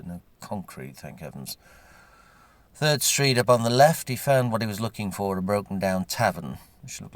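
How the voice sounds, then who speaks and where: A man reading a story aloud, wry and unhurried. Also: deep voice, no echo. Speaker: narrator.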